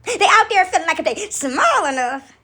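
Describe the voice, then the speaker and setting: A woman's voice: extremely high pitch, moderate pace. A woman giving a casual spiritual pep talk, preachy and playful, often acting out other people's voices. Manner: animated, preachy, acts out little voices with laughs.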